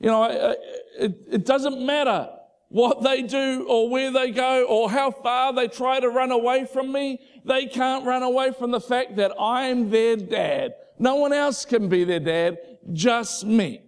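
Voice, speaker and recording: A middle-aged man preaching a casual, conversational sermon that moves between soft, hushed passages and fervent emphasis. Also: very high-pitched, a little slow, smooth. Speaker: pastor.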